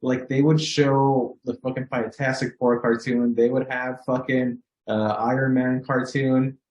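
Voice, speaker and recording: A man with a Southern Californian accent, co-hosting a podcast in casual chat, animated, swearing often and acting out his reactions. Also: medium pitch, a little slow. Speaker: podcast co-host. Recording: echoey room.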